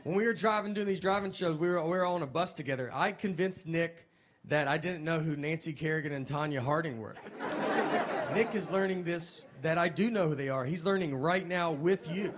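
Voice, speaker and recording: A stand-up comedian's voice, a man's, pitched a bit high, delivering dry, deadpan stories from a stage. His handheld mic carries a steady wash of room ambience, and the audience laughs behind him. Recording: live audience noise behind.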